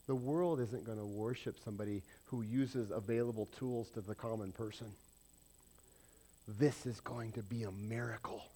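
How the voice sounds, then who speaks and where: A pastor with a voice on the low side preaches at normal speed, swinging between loud, excited points and quiet, confiding asides. He often puts questions to the congregation.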